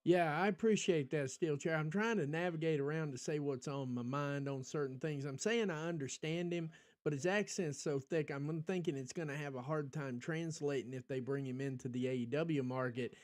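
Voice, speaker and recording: With a fairly high, darkish voice at a moderate pace, an American man hosts a livestreamed podcast, rambling through casual talk. He says um a lot, restarts often and talks back to viewers in the chat.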